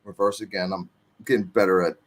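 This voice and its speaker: A man's voice: sits low, flat delivery, brisk. Man telling a street story. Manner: street slang, profane, acts out quotes. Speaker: former inmate telling his story. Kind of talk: casual storytelling.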